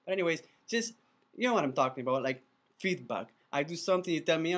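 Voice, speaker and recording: A man who is not a native English speaker, pitching his video course in an enthusiastic, chatty way, often restarting his words. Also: expressive, fast, a bit bright. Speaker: animated video producer teaching a course. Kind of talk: casual course pitch to camera.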